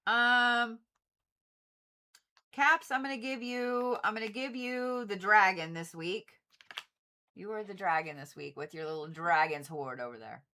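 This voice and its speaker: Woman, livestream card reader, bright forceful tone, chatty and blunt with the odd curse. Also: medium pitch, measured pace, a little hiss or hum. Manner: chatty, swears freely, talks straight to viewers. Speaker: Reiki practitioner and tarot reader. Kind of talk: casual livestream card reading.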